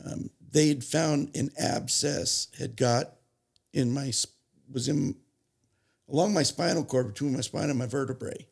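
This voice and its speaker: A man telling his recovery story as a podcast guest, halting and restarting as he goes, plainly moved as he recalls it. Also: medium pitch, vocal fry, husky. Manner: halting, restarts and self-corrections, emotional retelling. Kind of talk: personal storytelling.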